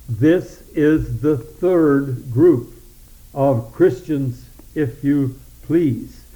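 An older male preacher delivers a sermon at an unhurried, measured pace. His voice is very dark and mellow. He reads scripture out deliberately and drops in dry little jokes when he stumbles. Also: mid-range voice, low-quality recording. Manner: reads scripture slowly, then comments with dry asides.

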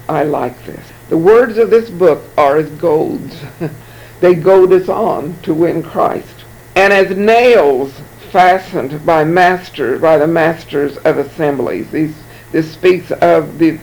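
A man's voice: on the high side, creaky, darkish tone, rough recording. A man preaching a sermon, reading Bible verses aloud and commenting on them, often repeating words as he goes.

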